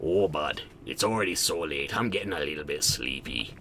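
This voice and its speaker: A man's voice: very deep voice, animated, normal speed, vocal fry, fairly bright tone, a little hiss or hum, pitched below the performer's own voice, full character voice. Man doing a folksy Canadian fire dog. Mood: sleepy, folksy. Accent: put-on Canadian. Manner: folksy, calls listener bud, says eh. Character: friendly laid-back male fire dog creature.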